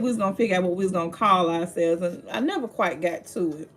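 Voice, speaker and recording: A woman's voice: on the low side, fast talker, hardly any pauses, a bit bright. Chatty woman host greeting viewers. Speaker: livestream host. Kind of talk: casual livestream chat.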